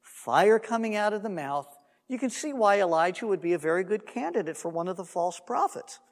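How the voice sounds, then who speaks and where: A man with a notably high voice teaches scripture like a storyteller, acting out the lines of the people in the story. His voice carries a long echo, as from a large hall. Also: fairly quick. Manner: animated storytelling, acts out quotes; undogmatic, conversational asides. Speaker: Messianic teacher. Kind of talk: Bible teaching sermon.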